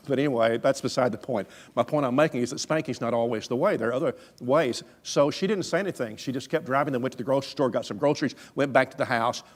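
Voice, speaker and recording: A man preaching a sermon through stories, folksy, conversational and emphatic. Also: mid-range voice. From Alabama, USA. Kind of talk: storytelling sermon.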